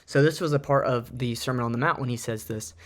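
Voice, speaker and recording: A man's voice: mid-range voice, fast talker, a bit bright. A man giving an earnest, reflective Bible teaching, reading and explaining from his notes. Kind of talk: informal Bible study talk.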